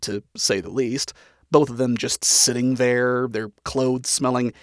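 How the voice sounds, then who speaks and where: A man reading a story aloud as narrator, in an even, dryly expressive manner. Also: mid-range voice, no room sound, studio quality.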